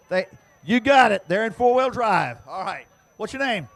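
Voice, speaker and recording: A man announcing prize giveaways to the crowd at an outdoor dirt racetrack, teasing fans and shouting to get them to answer. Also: high voice, sing-song, vocal fry. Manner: loud, teasing, drawn-out shouting. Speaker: track announcer giving away prizes.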